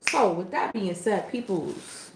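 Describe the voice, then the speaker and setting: A woman spiritual reader in casual chat to camera, animated and slangy, with preachy asides. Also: mid-range voice, slow pace, slight background noise. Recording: echoey room.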